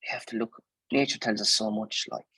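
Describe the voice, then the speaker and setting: An Irish dairy farmer from Ireland answers interview questions in a chatty, plainspoken way, packed with fillers and restarts. His voice sits fairly low with fairly even intonation, and he talks a little fast with a sharp, slightly rough tone. The recording is low quality but has no echo.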